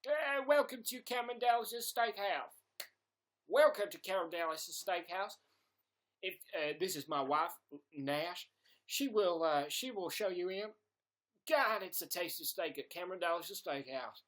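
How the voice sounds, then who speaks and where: A man voicing a loud Texan steakhouse greeter in a put-on Texan accent, booming and showy, on a livestream. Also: animated, measured pace.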